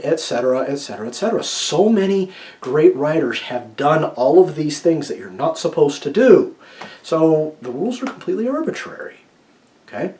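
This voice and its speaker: A man speaks to the camera with casual, opinionated writing advice, often checking in with "okay?" and moving between loud emphasis and quiet asides. His voice sits on the high side.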